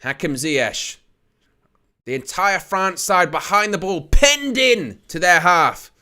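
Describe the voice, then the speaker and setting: A man hosts a live football watch-along, calling the play with a high, bright voice. He jokes with his viewers and laughs often, then rises to excited shouts when a chance goes close. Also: slow. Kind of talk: live play-by-play commentary and chat.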